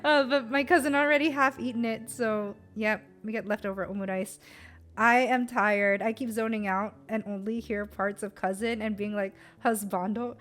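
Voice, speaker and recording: A woman's voice: a little high, steady tone, normal speed, a bit bright, faint music behind. A young American woman streamer chatting casually about a trip, giggly and full of fillers. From United States.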